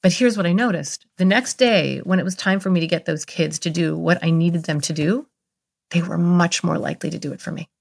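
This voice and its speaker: A woman's voice: fairly low pitch, brisk, vocal fry. A woman in her fifties, a guest expert on a podcast, telling a story from her career in an earnest, heartfelt way. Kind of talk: interview storytelling.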